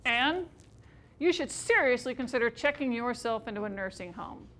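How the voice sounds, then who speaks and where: A man's voice: very high voice, expressive, moderate pace, pushed and bright, exaggerated voice. A woman voicing a dismissive male doctor who lectures bluntly, in a live solo stage monologue. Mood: condescending.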